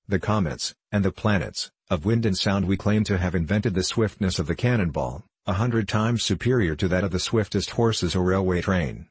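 A man giving a low voice to a fervent, emotional club secretary who speaks in lofty, grandiose phrases, in a dry storybook reading. The speech runs high-flown and impassioned. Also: breathy edge, no echo.

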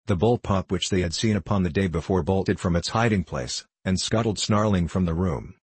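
A man reading a period novel aloud as a narrator, in a measured, even manner, giving the characters light voices. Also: low-pitched, husky, no echo. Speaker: audiobook narrator. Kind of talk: scripted narration.

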